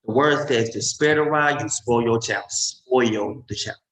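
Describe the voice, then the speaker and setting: A man preaching informally and emphatically, swinging between loud outbursts and low murmurs. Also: unhurried. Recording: roomy echo.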